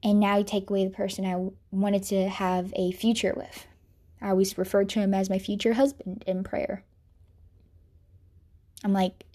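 A young woman earnestly telling a personal faith story, sorrowful and reflective, sometimes dropping to a soft whisper. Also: mid-range voice, flat delivery, moderate pace. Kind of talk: personal testimony monologue.

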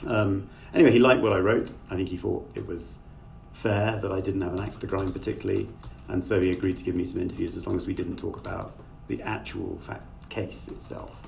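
Sitting low in pitch with fairly even intonation, a middle-aged man talks fairly quickly with vocal fry. He's an author being interviewed conversationally over a video call, thoughtful, rambling, and heavy on fillers, recorded through a distant remote call mic with faint noise.

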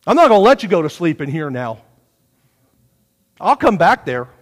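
A man preaching a folksy sermon to his congregation, swinging from hushed asides to loud, lively exhortation. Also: sits high, moderate pace, in a large hall. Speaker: pastor. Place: church sanctuary.

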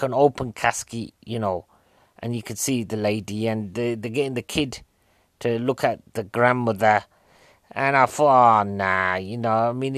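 A film reviewer with a mid-range male voice, recorded without echo, gives a rambling, comic recap of a movie. He's chatty, loading his talk with rhetorical questions and a constant "right?"

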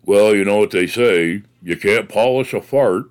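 A man voicing his old boss, a deep-voiced, rough and tough Southern churchgoing man with a dry, deadpan delivery. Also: fast talker, lightly acted.

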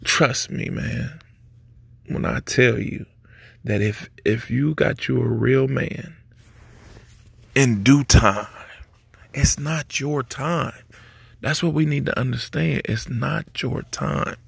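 Male podcast host, gravelly and husky, easygoing preachy delivery. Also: medium pitch, slow, dry recording. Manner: laid-back, preachy, street slang. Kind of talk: casual advice monologue.

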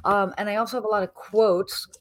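A woman speaking quietly from a hotel early in the morning, giving a chatty hospitality news segment with plenty of fillers. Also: medium pitch, steady tone, brisk. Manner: hushed, softly spoken. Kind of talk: casual news segment, then chat.

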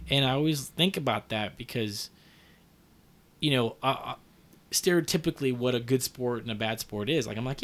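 A man's voice: medium pitch, fairly quick, fairly bright tone. A man in his thirties talking in a casual, heartfelt, rambling way, with lots of fillers and some swearing. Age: 30s. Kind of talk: casual conversation.

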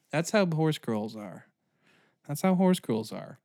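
A man's voice: a little high, big pitch swings, takes it slowly, dark tone, dry recording, clean studio sound. A man hosting a comedy history podcast, telling the story in a profane, rambling way with silly asides. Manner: profane, rambling, bursts into silly voices and sound effects. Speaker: podcast host.

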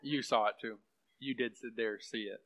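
A man's voice: mid-range voice, steady tone, normal speed, fairly bright tone. A young man teaching on prophecy in a casual, rambling sermon style, full of fillers and asides to the room. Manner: rambling, conversational, lots of fillers. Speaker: pastor teaching a class. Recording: muffled lo-fi room recording.

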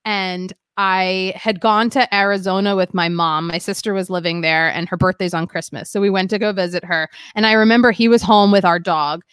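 A woman's voice: mid-range voice, steady tone, moderate pace, few pauses, fairly bright tone, clean tone, no room sound. A young woman candidly telling a painful personal story as a guest, rambling with lots of "like" and shifting emotion. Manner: rambling, heavy use of "like", emotional.

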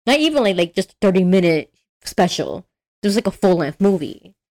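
A woman's voice: lowish voice, very animated, a little fast, a little mellow. A young woman chatting casually as a podcast co-host, rambling with lots of fillers and restarts. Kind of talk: casual chat.

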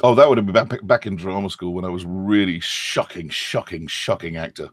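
A man's voice: sits low, a little fast, no echo, studio quality. A middle-aged British man, an actor and former acting coach, explaining at length in a chatty, self-deprecating way with many ums. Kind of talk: interview answers.

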